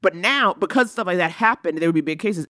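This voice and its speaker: A woman co-hosting a casual chat, retelling a movie with animated emphasis. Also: on the low side, fairly quick, no room sound, studio quality. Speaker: podcast co-host.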